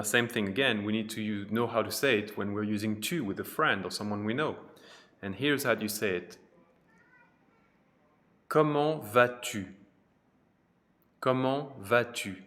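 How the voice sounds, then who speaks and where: A man teaching a pronunciation lesson, repeating each phrase slowly and carefully, with chatty teaching asides. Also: lowish voice, a bit bright. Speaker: French teacher.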